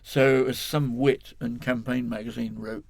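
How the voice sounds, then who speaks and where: A man's voice: medium pitch, level tone, a little slow, gravelly, dry recording. An older man from England, a guest in an interview, telling a long story in a rambling, self-correcting way, chuckling as he goes.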